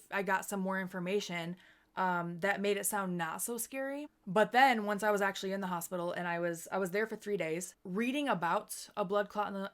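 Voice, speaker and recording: A woman in her thirties, a streamer, telling a personal story in casual chat, quoting herself and others and swinging between hushed and loud. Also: medium pitch, clean tone.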